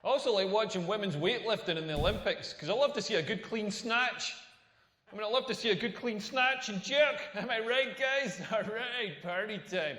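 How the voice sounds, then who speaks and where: A man's voice: high-pitched, moderate pace, pushed and bright. A man with a Scottish accent in his forties, playing a crude, self-mocking stand-up comedian who delivers a rambling, punchline-driven routine. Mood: bawdy. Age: 40s. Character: crude, self-mocking middle-aged male stand-up comic. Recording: echoey hall with faint noise.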